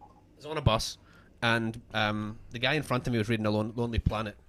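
A man's voice: medium pitch, fairly even intonation, fast talker, a bit bright. A chatty man co-hosting a podcast, telling a story in a loose, self-deprecating way. His voice is in an ordinary middle range, and his sentences restart often. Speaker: podcast co-host. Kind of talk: casual storytelling.

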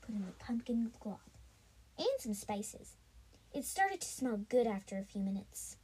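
A woman improvising a told story, halting often with restarts and fillers. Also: medium pitch, animated, a little mellow, slight background noise, low-quality recording.

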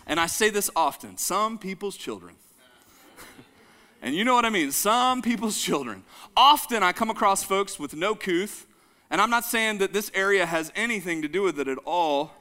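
A man preaching a sermon, animated, joking and calling the congregation to say lines back. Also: sits high. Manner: jokes and laughs with the audience. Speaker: pastor.

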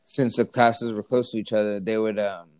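A man's voice: lowish voice, steady tone, normal speed, darkish tone, a little hiss or hum. A young man telling a story in casual chat, rambling with lots of fillers and restarts, teasing his friend.

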